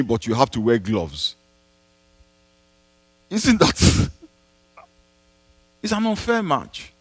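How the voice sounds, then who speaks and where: A male pastor preaches his answers with emphasis, returning to key phrases and firing off rhetorical questions. His pitch rises and falls freely, and the sound is close and dry, with no room around it. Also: no echo. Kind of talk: sermon-style Q&A answer. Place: church.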